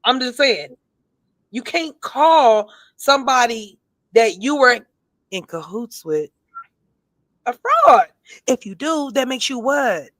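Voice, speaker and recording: A woman's voice: a little high, animated, takes it slowly, dry recording. A woman co-hosting a casual gossip show, talking bluntly and sassily, with emphatic repeats and a tipsy edge. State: tipsy, has been drinking. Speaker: co-host.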